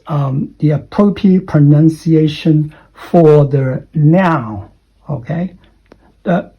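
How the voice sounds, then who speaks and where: Brief: male English teacher, slow and deliberate, mellow tone, dull lo-fi recording. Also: a little high, husky. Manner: spells out words letter by letter and keeps checking with "okay?". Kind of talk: explaining errors in an online English lesson.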